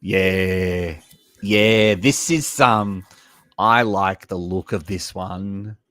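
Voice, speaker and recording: A man's voice: sits low, extremely slow, no room sound. A man from Australia, hosting a casual live stream and chatting to viewers about trailers. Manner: chatty, talks to chat viewers, lively asides. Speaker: livestream host reacting to trailers. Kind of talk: casual live reaction chat.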